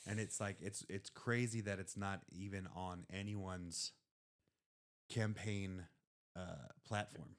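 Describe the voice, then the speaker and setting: An American man co-hosting a podcast, chiming in expressively in casual chat. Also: deep voice. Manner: lively, expressive, quick to chime in. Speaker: podcast co-host.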